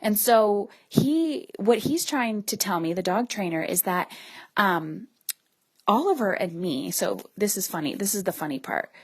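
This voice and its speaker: A woman's voice: medium pitch, lively intonation, measured pace, breathy edge, no room sound. A woman hosting a podcast, telling a story in a chatty, casual way, often tossing in "like" and "right?" and talking straight to her listeners. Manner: chatty, frequent "like" and "right?" asides; addresses listeners directly. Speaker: podcast host and parenting coach.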